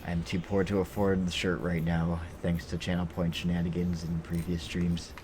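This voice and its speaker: A man's voice: low-pitched, completely flat delivery, moderate pace, a little mellow, slight background noise. A man chatting casually with his live-stream viewers while playing a game, rambling and joking with the chat.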